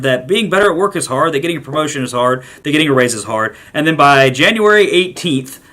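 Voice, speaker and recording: A man's voice: medium pitch, pushed and bright. A man hosting a short daily vlog, ranting emphatically and repeating himself for emphasis. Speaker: podcast host.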